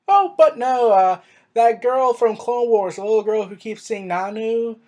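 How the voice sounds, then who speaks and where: A reviewer in a casual monologue, rambling with fillers and restarts and firing off exasperated rhetorical questions, their pitch jumping up on emphasis. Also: measured pace, a little mellow. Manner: pitch swings up sharply on emphasis. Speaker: show reviewer.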